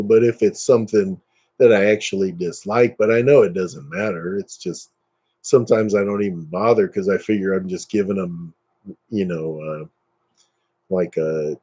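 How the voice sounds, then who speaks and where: Mellow-voiced man ranting on a live stream. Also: slightly rough. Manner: ranting, dismissive, jumps up in pitch when worked up. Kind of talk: casual live-stream chat with viewers.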